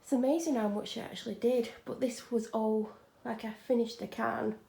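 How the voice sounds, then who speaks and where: A woman chatting frankly in a home vlog from a room she is decorating, sometimes dropping into soft whispered asides. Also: a little high, fairly even intonation, moderate pace, vocal fry. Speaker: vlogger. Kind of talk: casual home vlog chat.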